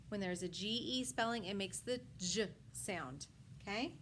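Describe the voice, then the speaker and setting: Woman primary teacher for a phonics lesson, very slow and careful, with faint background hiss. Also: mid-range voice, a bit bright. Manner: slow, sound-by-sound enunciation with frequent praise. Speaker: first grade teacher. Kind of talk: phonics lesson for young children.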